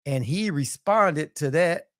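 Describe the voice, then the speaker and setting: A man's voice: fairly high pitch, animated, slow pace, fairly bright tone, dry recording, clean studio sound. A man hosting a casual live-stream boxing chat, loose and repetitive, dropping "man" and "you know" into nearly every sentence. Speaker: boxing talk show host.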